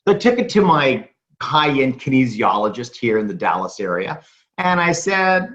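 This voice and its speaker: A man delivers an energetic sales pitch at a middling pitch, hammering home the same claims again and again. He poses questions and answers them himself. The recording sounds dull and lo-fi. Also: moderate pace. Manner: emphatic, repeats claims, asks and answers rhetorical questions. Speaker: presenter at a sales meeting.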